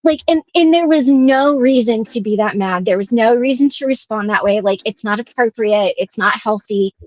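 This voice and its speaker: A woman co-hosting a chat show, telling an animated story and laughing mid-sentence, heard over a video call. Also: on the high side, moderate pace, no echo, lo-fi sound. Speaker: co-host.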